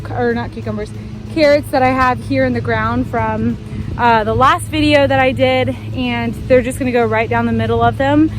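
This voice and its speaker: A woman with a high, bright-pitched voice talks casually through her outdoor garden, explaining each task and correcting herself as she goes. Music plays clearly underneath her talk. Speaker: gardening vlogger.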